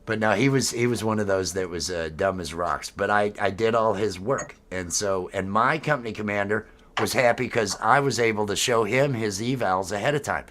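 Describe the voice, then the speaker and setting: A man's voice: on the low side, normal speed, hardly any pauses, a bit bright. A middle-aged man talking in a casual, blunt, easygoing way. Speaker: podcast co-host. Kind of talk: casual chat.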